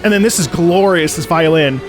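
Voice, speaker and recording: A man giving a casual, excitable breakdown of game music, singing melody lines in scat syllables with chatty fillers. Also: on the high side, moderate pace. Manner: profane asides, chatty fillers. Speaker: video game music analyst.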